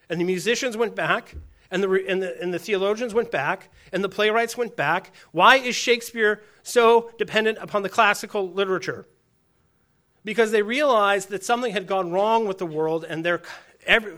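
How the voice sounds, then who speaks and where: A man giving a lively teaching lecture on church history, animated and quick to chuckle as he acts out quotes. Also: high voice.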